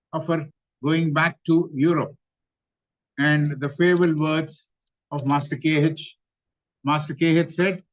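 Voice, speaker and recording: A man with an Indian English accent gives a study-class talk, in a measured way that recaps and repeats points. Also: on the high side. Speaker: lecturer on theosophy. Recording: dull lo-fi recording.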